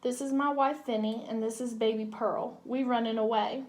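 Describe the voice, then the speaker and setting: A woman voicing a kind, gentle grown man fleeing with his family, in a read-aloud storybook. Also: on the high side, fairly even intonation, normal speed, close to an everyday voice. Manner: gentle reassuring.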